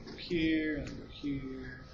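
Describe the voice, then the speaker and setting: A man's voice: medium pitch, flat delivery, slow pace, gravelly, background noise. Casual male teacher in an echoey classroom. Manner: casual, keeps checking in with "okay?" and "right?". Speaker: math teacher. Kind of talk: classroom lecture. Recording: echoey, distant, muffled classroom recording.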